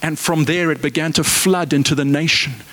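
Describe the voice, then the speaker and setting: Man, preacher, sermon, fervent, exhorting, rhetorical questions, slightly high voice. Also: steady tone, normal speed, pushed and bright.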